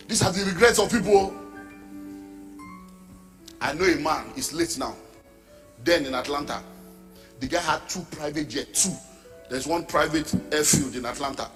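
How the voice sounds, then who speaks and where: A man's voice: fairly high pitch, moderate pace, pauses often, a bit bright, in a large hall, faint music behind. A middle-aged Nigerian man preaching a sermon as pastor, emphatic, dropping into pidgin asides and mimicking the people he talks about.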